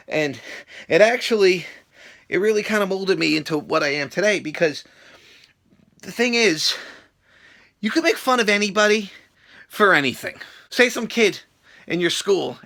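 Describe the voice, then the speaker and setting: Gravelly, bright-voiced profane vlogger man. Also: sits high. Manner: profane, animated, wrestling-style bravado. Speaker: YouTube vlogger. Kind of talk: casual Q&A vlog.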